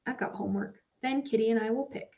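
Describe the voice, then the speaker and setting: A woman's voice: a little high, fast, creaky, darkish tone. A woman voicing a stubborn, hot-tempered schoolboy who answers curtly, on a dull lo-fi recording. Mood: defiant. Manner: curt and defiant.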